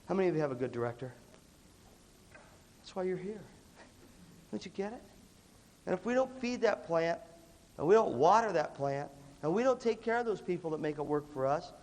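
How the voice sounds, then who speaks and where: Animated middle-aged man in an echoing hall. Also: high voice, slight background noise. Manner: energetic, playful, acts out voices. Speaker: music clinician. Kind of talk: animated workshop talk to students. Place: large hall with a live audience. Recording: hall reverb from a big room.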